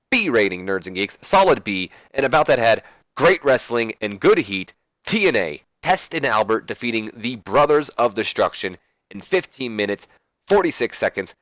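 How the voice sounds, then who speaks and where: A man's voice: on the low side, fairly bright tone, dry recording. A young man casually recapping a wrestling game, rambling and swearing, correcting himself often. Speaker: let's play commentator.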